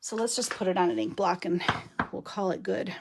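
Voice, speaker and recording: A woman's voice: lowish voice, brisk, vocal fry, darkish tone, husky. Chatty woman demonstrating card making. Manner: chatty, laughs often, talks while working. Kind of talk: live stream craft demo.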